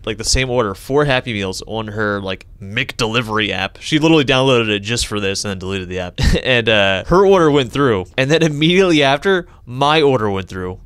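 A man's voice: lively intonation, fairly quick, hardly any pauses, fairly bright tone, clear, resonant tone, no room sound. Profane joking man playing a horror game. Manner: profane, joking, jumps to high yelps when scared. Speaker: gaming YouTuber. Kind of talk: horror game let's play commentary.

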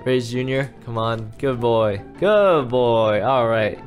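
A man playing himself in a comedic Minecraft roleplay, excitable and quick to exclaim and yell. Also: medium pitch, soft background music. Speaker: roleplay series creator and lead player.

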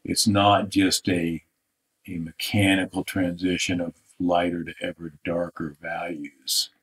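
Male art instructor, low voice, casual live critique with plenty of thinking aloud and restarts. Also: little pitch movement, a little slow, a bit bright. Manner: thinking aloud, restarts, talks over drawing on screen.

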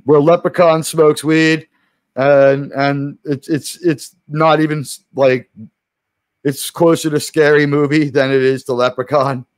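A man's voice: on the high side, flat delivery, unhurried, dry recording. Rambling man talking movies, dry sound. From New York City. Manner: rambling, many restarts and fillers, swears casually. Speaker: stream host. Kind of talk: casual chat about movies.

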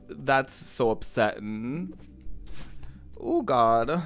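Giggly, excitable woman streamer. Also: very deep voice, measured pace, faint music behind. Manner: giggly and excitable, with sudden squeals. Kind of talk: casual live-stream chat over gameplay.

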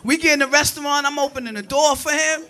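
A woman doing stand-up with a very high, piercing tone that sits on the edge of sharp. She tells animated stories and breaks into shrieks and laughter. A faint audience murmurs behind her on the club stage. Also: fast, some chatter behind. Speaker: stand-up comedian. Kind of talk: stand-up comedy storytelling.

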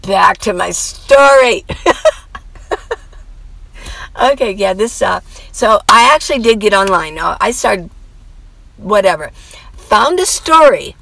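A woman's voice: medium pitch, lively intonation, slow, creaky, long pauses, a bit bright, rough recording. A middle-aged woman vlogger telling a story in a rambling, chatty way, full of asides and quoted dialogue. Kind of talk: casual storytelling vlog.

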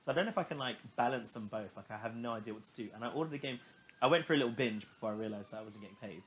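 Man, mid-pitched podcast co-host, relaxed and chatty, faint noise behind him. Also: rapid-fire. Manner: relaxed, chatty, laughs often. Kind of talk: casual chat.

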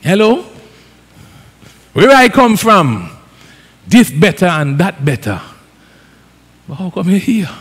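A man with an Antiguan accent preaching a sermon as a pastor, lively and conversational, with Caribbean phrasing. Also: high-pitched, slow pace, long pauses, husky. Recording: long hall reverb.

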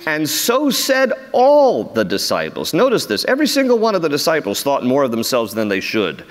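A man's voice: a little high, wildly swooping pitch, moderate pace. A middle-aged American man preaching a sermon as pastor, often acting out quoted lines in a raised voice. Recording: long church hall reverb.

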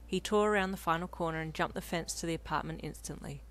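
A woman narrating her own fanfiction in a steady, gentle storytelling voice. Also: low-pitched, fast, few pauses, slight background noise. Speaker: fanfiction reader. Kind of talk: scripted narration.

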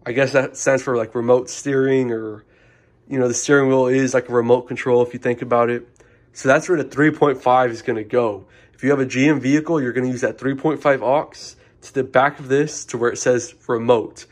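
A man's voice: medium pitch, fairly even intonation, fairly quick. Casual young man explaining a DIY install. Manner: rambling, informal, self-correcting. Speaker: car audio DIY reviewer.

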